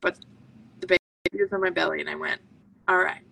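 Her voice is low, gravelly, bright and forceful, delivered fast with fairly even intonation. She's a medical intuitive appearing as a podcast guest, relating her own story in an intense, earnest manner full of self-talk, recorded at a distance from the mic.

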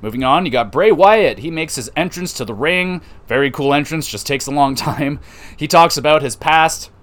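A man hosting a podcast, recapping wrestling matches in a loose, excitable way, swearing and laughing often. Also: fairly high pitch, normal speed. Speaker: podcast host reviewing wrestling. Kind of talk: casual recap.

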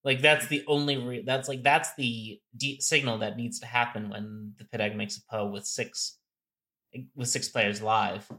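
A man co-hosting a casual podcast about a social deduction game, with a bright, ringing voice at an ordinary pitch. He thinks out loud, with fillers and false starts as he works through a rules problem. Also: fairly even intonation, moderate pace. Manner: explanatory, thinks aloud with fillers and restarts. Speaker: podcast co-host. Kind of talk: casual game strategy chat.

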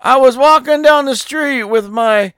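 A man doing an impression of a rambling, confused elderly male politician who speaks slowly and wanders from one thought to the next. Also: very high-pitched, fairly bright tone, clear, resonant tone, dry recording, voice pushed up. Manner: slow, wandering, nonsensical.

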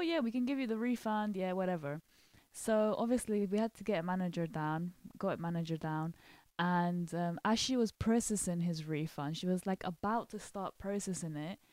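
Young woman, podcast host, lively storyteller, dry close sound. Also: mid-range voice, dry recording. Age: young adult. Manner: animated, acts out quotes, laughs often. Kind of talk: casual storytelling chat.

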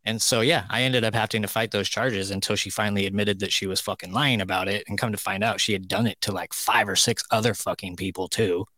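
A man's voice: fairly low pitch, steady tone, fast, few pauses, pushed and bright, dry recording. A man co-hosting a casual chat podcast, telling stories in a blunt, profane way. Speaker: co-host.

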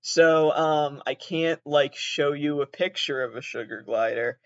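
A man hosting a casual solo podcast speaks in a slightly high voice at a measured pace, his accent upper Midwestern or southern Canadian though he's from southeastern Massachusetts. He rambles, laughs mid-sentence, curses freely, and makes fun of himself. The recording is muffled, without room sound.

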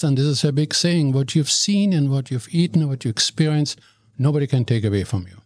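An older man from Germany with a German accent, telling stories about his past as an interview guest in an animated, joking way. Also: mid-range voice, moderate pace, no room sound, studio quality. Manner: animated storyteller, jokey, self-deprecating. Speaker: guest, radio regular. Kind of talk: interview storytelling.

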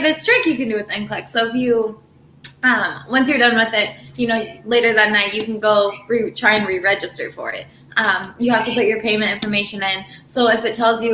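A young woman chats as a nurse guest, her stories tumbling out full of fillers. Her voice sits a bit high and bright. The room around her rings with echo. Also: slight background noise. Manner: chatty, filler-heavy, animated storytelling. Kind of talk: casual podcast chat. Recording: roomy echo.

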